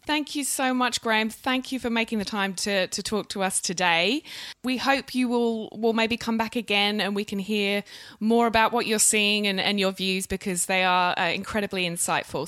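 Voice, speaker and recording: A woman's voice: mid-range voice, moderate pace, a bit bright, no room sound. British woman interviewer, dry close sound. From United Kingdom. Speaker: podcast co-host and interviewer. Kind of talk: casual podcast chat.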